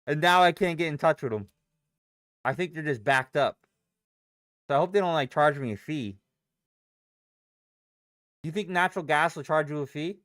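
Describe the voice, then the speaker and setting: Young male trading host, loose profane chatter, slightly high, crisp and dry. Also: normal speed, pauses often, fairly bright tone, no room sound. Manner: profane, rambling, reacts to chat and charts. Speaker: livestream day trader. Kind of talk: casual live-stream chat.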